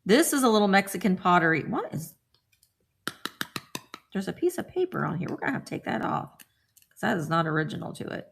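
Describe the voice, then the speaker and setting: A woman hosts a casual live chat as she shows off her thrift finds, answering viewers by name. Her voice sits at a middle pitch but swings up and down a lot, bouncy and playful. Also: big pitch swings, a little fast, vocal fry, pauses often, slight background noise. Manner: chatty, reads out viewer names, playful voices. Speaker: vintage reseller host. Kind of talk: live-chat haul vlog.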